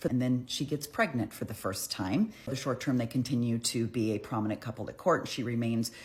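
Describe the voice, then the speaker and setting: A woman's voice: very deep voice, lively intonation, fairly quick, a little mellow. A woman telling a history story in a casual, irreverent, profane, chatty way.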